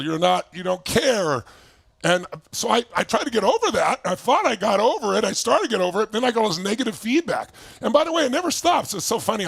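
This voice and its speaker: A man's voice: high-pitched, gravelly, fairly bright tone, no room sound. A man in his sixties giving a motivational talk from his home basement, telling stories animatedly and acting out remembered dialogue. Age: 60s. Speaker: motivational speaker. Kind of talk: motivational talk to an online audience.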